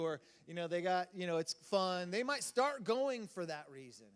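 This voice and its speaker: High-voiced casual preacher in a reverberant hall. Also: male voice, very animated, moderate pace, hardly any pauses, a bit bright. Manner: casual, rambling delivery with audience banter. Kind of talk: sermon. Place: church hall.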